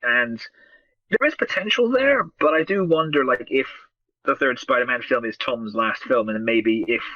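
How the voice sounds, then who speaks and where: A man's voice: medium pitch, animated, normal speed, no echo, muffled recording. A man in casual podcast film talk, opinionated and profane, slipping into mocking impressions.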